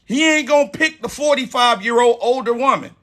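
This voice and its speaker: A man in his forties with a high, bright voice gives dating advice live. He talks emphatically and drives points home by repeating them. He sounds friendly and direct. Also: fairly quick. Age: 40s. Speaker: host.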